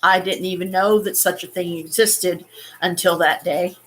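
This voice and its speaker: A woman telling a personal story in a halting, shaken way, holding back tears and swearing now and then. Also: on the low side, fairly even intonation, a bit bright. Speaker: vlogger.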